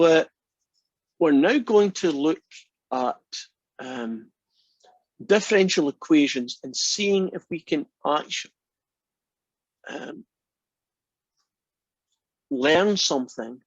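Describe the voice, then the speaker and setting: A Scottish man lecturing a math class in a chatty, joking way, with ums and pauses. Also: mid-range voice, dry recording, highs cut off. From Scotland. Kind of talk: university lecture.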